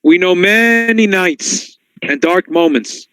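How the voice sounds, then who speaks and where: Male rabbi, sermon-style class, slightly high voice, dry and close, animated storyteller. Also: takes it slowly, smooth, no echo, rough recording. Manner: storytelling, swings to high excited tones when quoting. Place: synagogue.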